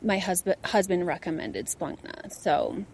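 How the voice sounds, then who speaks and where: A woman guest on a faith podcast, telling her story earnestly and rising into excited, emphatic bursts. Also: lowish voice, unhurried, vocal fry, a little hiss or hum. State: becomes a parent, with a baby and a one-year-old. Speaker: guest, inner healing practitioner. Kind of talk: personal faith testimony in conversation.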